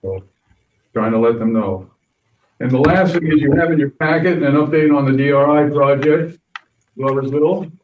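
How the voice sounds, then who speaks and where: A man giving a brisk county report at a board meeting. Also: medium pitch, a little hiss or hum. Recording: distant echoey phone-like sound.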